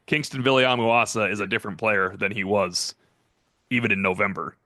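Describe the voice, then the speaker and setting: Male football analyst, bright forceful tone, dry close sound, rambling. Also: on the low side, fairly even intonation, a little fast, no echo. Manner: rambling film breakdown. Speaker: sports analyst. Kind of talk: casual sports talk.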